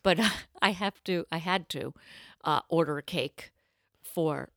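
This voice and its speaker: A woman co-hosting a casual comedy podcast, talking in quick, jokey bursts that swing into loud excitement. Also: deep voice, no room sound, clean studio sound. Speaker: podcast co-host.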